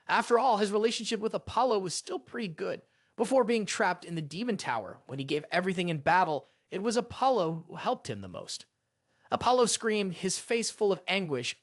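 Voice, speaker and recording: Male recap narrator, dramatic scripted delivery; high, lively pitch. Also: normal speed, no echo, studio quality. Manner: dramatic storytelling.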